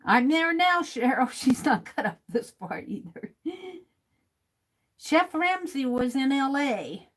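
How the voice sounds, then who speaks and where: A woman's voice: high voice, sing-song, slow pace. A woman hosting a livestream, reading viewers' comments aloud and chatting casually while she writes. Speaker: livestream host.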